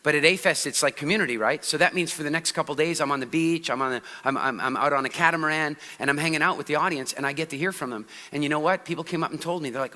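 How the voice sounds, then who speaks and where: A man giving a motivational talk on a conference stage, lively and asking the audience questions. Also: on the high side, quick pace. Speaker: conference speaker. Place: large hall on stage. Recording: long hall reverb.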